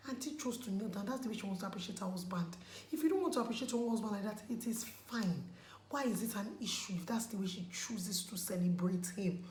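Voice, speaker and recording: A vlogger from Nigeria removes her makeup while chatting casually, pleading emphatically and repeating words for stress. She has a lowish, slightly mellow voice. The room echoes, and there's faint background noise.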